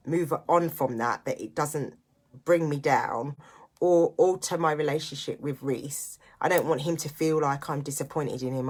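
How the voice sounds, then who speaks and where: A middle-aged woman speaks straight to her viewers in a low voice. She is earnest and reflective, mixing personal confession with motivational advice in an unscripted vlog. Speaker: vlogger and single parent. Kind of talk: candid personal vlog monologue.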